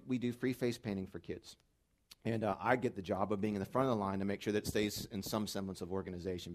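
A middle-aged man preaching a sermon as pastor, telling stories and building to loud, fervent peaks. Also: fairly low pitch.

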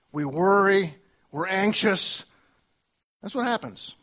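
A man preaching a sermon to a church congregation, emphatic, with long spoken lists and big swings between loud and soft. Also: on the high side. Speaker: pastor.

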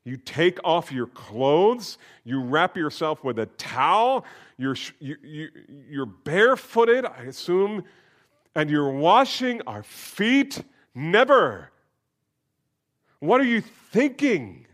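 A man's voice: on the high side, very animated, slow pace, a bit bright, voice pushed up, heavily acted. Preacher voicing an indignant male disciple. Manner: incredulous, exclaiming. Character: indignant male disciple protesting his master.

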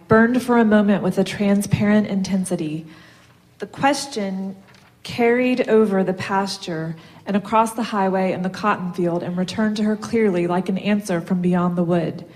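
A woman reads a story aloud in a steady, measured manner. Her voice sits in an ordinary middle register. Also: mid-range voice. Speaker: reader.

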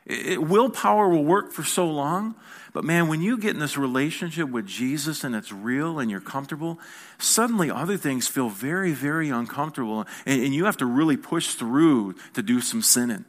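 Pastor preaching conversationally. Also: male voice, a little high, lively intonation, normal speed. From United States. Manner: conversational preaching, rhetorical questions, repeats words. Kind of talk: sermon.

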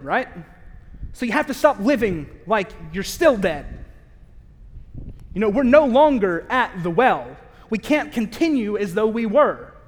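A man preaching a sermon in a candid, conversational way, with self-aware asides and slow, emphatic stress on key phrases. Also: sits high. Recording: long reverb of a large hall.

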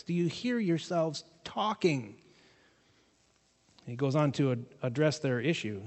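A man preaching a sermon in a casual, animated way, with jokey asides to his congregation. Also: on the high side, in a large hall. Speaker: pastor.

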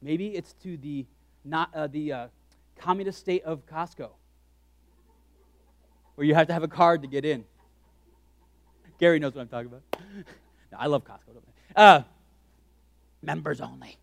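A man preaching a sermon as pastor, animated and joking, acting out his own thoughts in quick asides. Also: on the high side, creaky, no echo.

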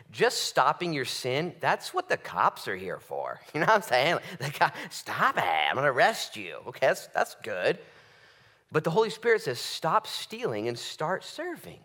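A man preaching a sermon as pastor, acting out quick quoted voices and swinging from loud outbursts to hushed lines. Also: mid-range voice. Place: church sanctuary.

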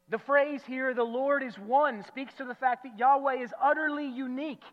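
Guy preaching a sermon, high voice, muffled recording with long echo, gets loud then drops quiet. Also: fairly even intonation, normal speed, few pauses. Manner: emphatic, repeats key phrases for stress; swings from loud declarations to low, quiet asides. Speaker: pastor. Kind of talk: expository sermon. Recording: muffled sound with long hall reverb.

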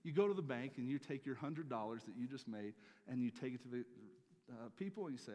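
A man preaching a sermon as pastor, swinging between loud emphatic peaks and quiet asides. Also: mid-range voice, animated, fast, long reverb tail.

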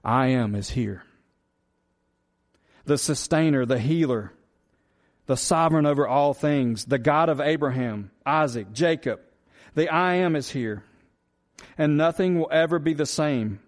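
Slow, earnest preaching man. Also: a little high. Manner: earnest preaching with rhetorical questions and repetition. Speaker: pastor. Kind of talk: sermon.

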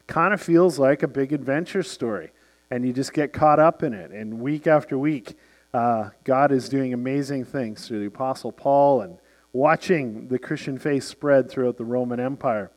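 A man in his forties, a pastor, preaching a sermon and telling lively stories with acted-out voices. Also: medium pitch, normal speed. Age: 40s. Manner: storytelling, acts out characters in the anecdote.

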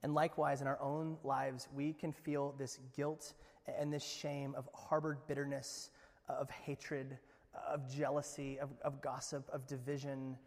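A man's voice: little pitch movement, measured pace. Impassioned preacher man in a reverberant hall. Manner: dramatic swings from booming to hushed. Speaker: pastor. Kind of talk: sermon.

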